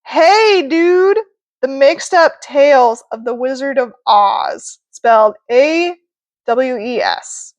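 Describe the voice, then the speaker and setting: A woman's voice: sits high, animated, slow, dry recording. A young adult woman chatting in a casual vlog, self-mocking and giggly as she reads old writing. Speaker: youtuber.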